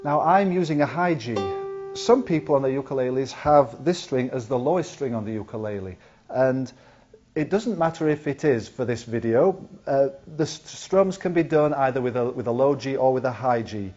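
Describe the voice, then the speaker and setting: A man's voice: mid-range voice, moderate pace, a little mellow, soft background music. A man teaching the ukulele, explaining patiently step by step as he demonstrates. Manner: patient, counts beats aloud while demonstrating. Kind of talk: instructional lesson. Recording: slightly dull lo-fi video recording. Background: ukulele playing.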